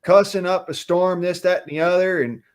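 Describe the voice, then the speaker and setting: A man's voice: sits high, fairly even intonation, normal speed. A man from Utah in casual chat, telling a rambling childhood story and cursing freely.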